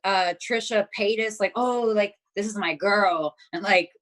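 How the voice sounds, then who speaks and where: A woman's voice: medium pitch, measured pace, fairly bright tone. A young woman talking as an interview guest, telling a story bluntly with lots of swearing and filler words. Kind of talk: casual chat.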